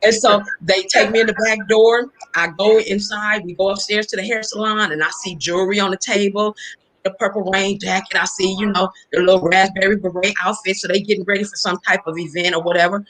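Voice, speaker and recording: A woman from California, a hairstylist telling a personal story in casual conversation, animated and acting out the voices of the people in it. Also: medium pitch, fairly quick, rough recording. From Inglewood, California. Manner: animated, acts out the voices in her stories.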